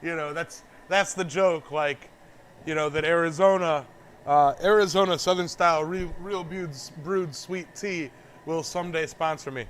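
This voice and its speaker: A man's voice: a little high, measured pace, a bit bright, a little hiss or hum. A blacksmith streaming live, chatting casually as he works, rambling and easygoing with frequent chuckles. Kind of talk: casual live-stream chat while working. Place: metal forge workshop.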